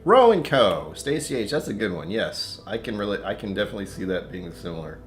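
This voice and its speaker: A man's voice: on the low side, sing-song, fairly quick, slight background noise. A man hosting a casual whiskey-tasting livestream from his apartment, rambling, talking to himself and chuckling often.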